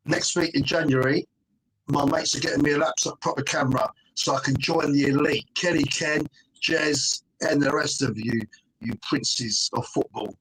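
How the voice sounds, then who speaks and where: A man's voice: on the high side, a bit bright, slight background noise. A middle-aged man, a guest on a fan panel, arguing emphatically in casual chat, forever tossing in "mate" and "right?". He is joining over a phone call.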